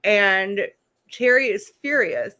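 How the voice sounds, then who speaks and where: A woman's voice: medium pitch, takes it slowly, sharp tone. A woman hosting a casual live recap, chatting and reading out letters as she goes. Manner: chatty, reads letters aloud. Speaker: host.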